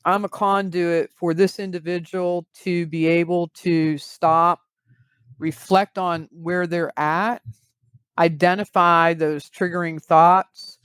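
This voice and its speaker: A woman guest, a grief recovery specialist, explaining in measured interview talk with vivid everyday examples. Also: on the low side, level tone, fairly bright tone, clear, resonant tone, dry recording.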